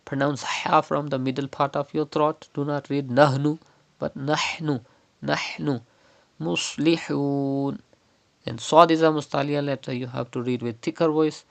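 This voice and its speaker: A male recitation teacher giving a step-by-step lesson, patiently explaining sounds and stretching words out slowly to show their pronunciation. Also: a little high, fairly even intonation, fairly bright tone.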